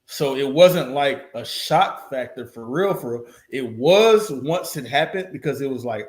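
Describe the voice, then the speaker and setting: A man's voice: mid-range voice, lively intonation, unhurried, few pauses. Man ranting bluntly in a roomy room. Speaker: reaction video host. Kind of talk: casual reaction commentary. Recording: roomy echo.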